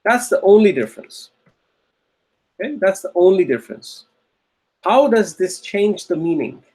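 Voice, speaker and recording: A man's voice: sits high, very animated, normal speed, darkish tone. A man teaching a recorded Arabic grammar lecture, patiently repeating key phrases and often checking with "okay?".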